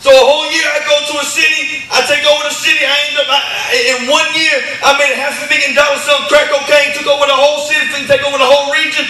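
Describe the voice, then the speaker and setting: A man with a very high, piercing, sharp-edged voice gives an impassioned church testimony. He stumbles over repeated words and rises into shouts. His voice rings through an echoey church hall, picked up from a distance. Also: little pitch movement, quick pace, few pauses. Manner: stammering repetitions, builds to shouting. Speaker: testimony speaker.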